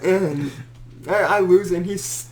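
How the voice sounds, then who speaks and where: A man's voice: high voice, moderate pace. A young man hosting a podcast, telling a story in casual chat, acting out quotes and laughing often. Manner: animated storyteller who acts out quotes and laughs a lot. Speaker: podcast host.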